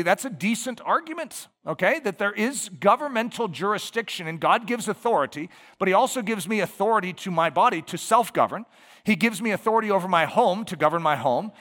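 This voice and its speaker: An American man preaching to his congregation, his high, bright voice leaping up and down as he stacks emphatic lists. He throws out rhetorical questions and presses his points with animated conviction. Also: big-room sound. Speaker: pastor. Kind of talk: sermon.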